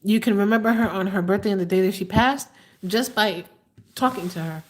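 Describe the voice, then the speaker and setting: A woman in her fifties hosting a live tarot stream, talking slowly and haltingly with many fillers, sometimes emotional. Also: medium pitch. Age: 50s. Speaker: tarot reader hosting a livestream. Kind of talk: live-stream chat answering viewers.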